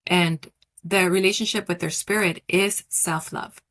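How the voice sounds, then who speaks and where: Woman wellness coach, lowish voice; soft, affirming, unhurried delivery for podcast guidance. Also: steady tone. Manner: soft, slow, affirming cadence with repetition. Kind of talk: guided reflection and coaching talk.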